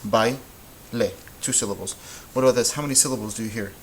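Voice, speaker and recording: A Spanish teacher, a man whose voice sits fairly low, gives an easygoing lesson off the cuff, often saying um and starting sentences over. It's a rough recording marked by faint hiss and the odd click.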